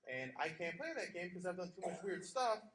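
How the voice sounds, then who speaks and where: A man with a fairly high voice performs stand-up on a small stage, telling jokes drily and dropping into mock voices. The sound is roomy and echoey, with clear noise underneath. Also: big pitch swings, a little fast, fairly bright tone. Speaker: stand-up comic. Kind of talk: stand-up comedy set. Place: small theater stage, live audience.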